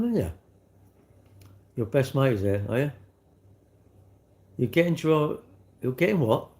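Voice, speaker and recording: A man's voice: medium pitch, creaky, a little mellow. A middle-aged man, hosting a casual live stream, chatting and ranting in a rambling way with lots of rhetorical questions. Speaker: livestream host. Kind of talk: casual live-stream chat reading comments.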